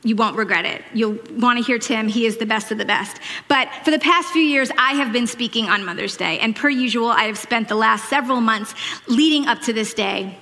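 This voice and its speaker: A loud, talkative woman in her forties with a faded Long Island New York accent preaches from a church stage. Her voice sits a little high and rings bright and forceful. The sound carries a long church-hall reverb. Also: brisk. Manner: loud, chatty, self-deprecating. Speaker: church speaker. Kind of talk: sermon.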